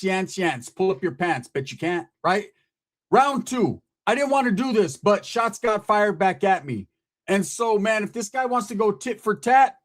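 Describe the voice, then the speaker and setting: High-voiced man roasting a rival. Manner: profane, taunting, street slang. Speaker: channel host. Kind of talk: mocking roast rant to camera.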